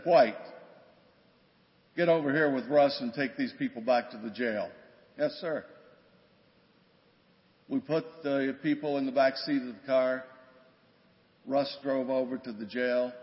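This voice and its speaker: An older man and former police officer, recounting a story plainly and conversationally in a church talk. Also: medium pitch. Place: church sanctuary. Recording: dull, long church reverb.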